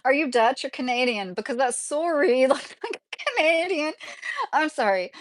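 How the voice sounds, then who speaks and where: A woman's voice: on the high side, fairly bright tone, no echo. A woman in her thirties from Kentucky, chatting casually on a livestream and reading viewer comments, rambling and laughing often. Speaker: livestream host.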